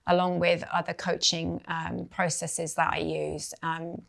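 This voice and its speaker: A middle-aged woman with an English accent, a native Maltese speaker, chatting as a guest coach with animated storytelling. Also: on the low side, a little slow, vocal fry. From England. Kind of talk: conversational interview.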